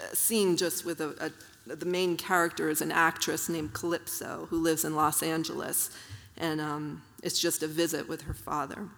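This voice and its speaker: A woman with a lowish voice reads her own prose to an audience, measured and even. Her voice rings with the long reverb of a hall. She adds soft fillers between passages. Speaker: author reading her work. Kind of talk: literary reading aloud.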